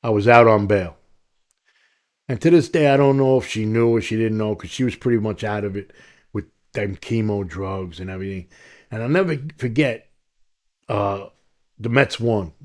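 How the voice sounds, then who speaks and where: A man's voice: lowish voice, normal speed, long pauses. A man, a podcast guest telling his life story and acting out what other people said. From New York. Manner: animated storyteller who acts out other people's lines.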